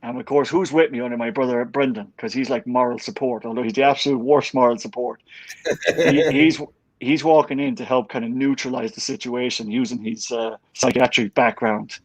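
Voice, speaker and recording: A middle-aged Irish man telling a lively story in a casual chat. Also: medium pitch, a little fast, no room sound, poor audio. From Ireland. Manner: animated anecdote-telling with laughs.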